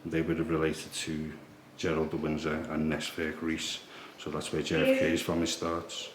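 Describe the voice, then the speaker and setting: A man quietly explaining history as he walks visitors through a museum in an old priory. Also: monotone, normal speed. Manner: hushed, low-key explaining. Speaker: history tour guide. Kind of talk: walking tour vlog. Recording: echoey room with background noise.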